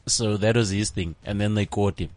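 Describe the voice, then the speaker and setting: A man's voice: fairly low pitch, fairly even intonation, normal speed, darkish tone. A man with a South African accent telling a loose, improvised story in casual podcast chat.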